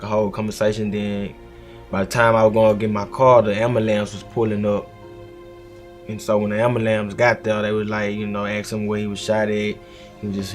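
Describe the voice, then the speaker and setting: A man, recounting events plainly and steadily in a documentary interview. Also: fairly low pitch. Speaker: interviewee, brother of a shooting victim.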